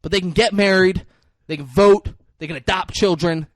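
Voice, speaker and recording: A man's voice: high-pitched, moderate pace, dry recording. A young man co-hosting a podcast, casually recapping a movie in a crude, joking way and mimicking lines. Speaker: podcast co-host.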